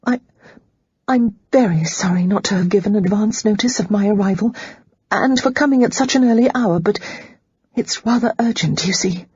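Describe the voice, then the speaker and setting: An anxious, well-bred young lady stammers her polite requests, as an audiobook narrator puts her on. The voice sits higher than the narration and stays very husky. It is close and dry on a dull, lo-fi recording. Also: expressive, normal speed, dark tone, dry recording. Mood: flustered. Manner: flustered, stammering. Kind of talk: audiobook character reading.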